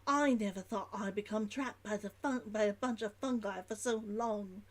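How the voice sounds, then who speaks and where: A woman's voice: mid-range voice, normal speed, close to an everyday voice. A woman reading out a weary stranded merchant's log in a put-on Old London accent, dropping her H's with a theatrical Victorian delivery. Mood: weary, grim.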